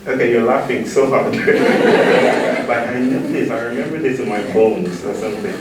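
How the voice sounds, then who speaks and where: This Nigerian man's mid-range voice is animated and moderately paced as he gives a playful keynote, getting the audience to call and respond. A crowd is audible in the background of the public talk, which was recorded in a large, echoey hall on a distant mic.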